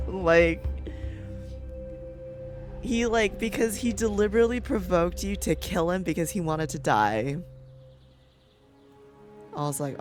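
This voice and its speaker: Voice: mid-range voice, lively intonation, unhurried, pauses often. A gaming creator giving casual gameplay commentary, chatty and rambling, who swears freely and laughs often. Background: game music.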